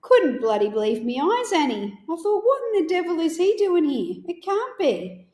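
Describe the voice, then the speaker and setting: A man's voice: very high voice, wildly swooping pitch, normal speed, darkish tone, voice pushed up, heavily acted. A woman quoting her joking elderly grandfather, blunt and casual, with mild swearing. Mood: incredulous. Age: older. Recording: roomy echo.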